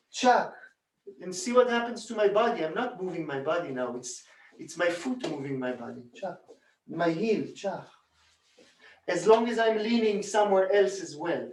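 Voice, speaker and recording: A man calmly teaching a hands-on bodywork technique, demonstrating as he talks and repeating rhythmic sounds while he works. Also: sits high, a little hiss or hum. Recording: roomy echo, distant from mic.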